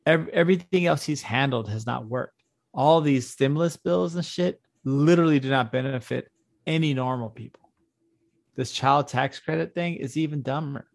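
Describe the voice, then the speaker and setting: A man's voice: medium pitch, moderate pace, creaky. A young man co-hosting a podcast in casual political chat, blunt and swearing, laughing often. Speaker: podcast co-host.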